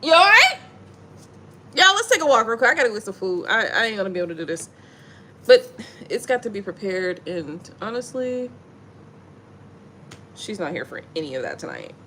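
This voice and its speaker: A woman giving a casual, playful tarot reading, talking in an animated way full of slang and laughter. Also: medium pitch, moderate pace, long pauses, slight background noise. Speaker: tarot reader.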